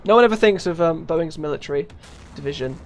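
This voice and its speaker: Chatty British man streaming, slightly high. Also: fast talker, slight background noise. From United Kingdom. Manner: chatty, rambling, many fillers, laughs often. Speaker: live streamer. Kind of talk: casual live-stream commentary while playing.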